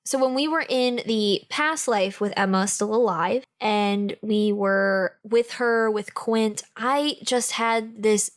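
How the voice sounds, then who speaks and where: A woman's voice: a little high, slow pace, hardly any pauses. A woman co-hosting an audiobook review podcast, chatting casually in playful, jokey banter. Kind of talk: casual chat.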